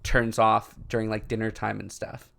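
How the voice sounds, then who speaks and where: A man's voice: on the low side, normal speed, creaky. A young man co-hosting a podcast in casual chat, talking loosely with lots of fillers and frequent laughs. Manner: laughs often, filler-heavy, animated. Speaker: podcast co-host.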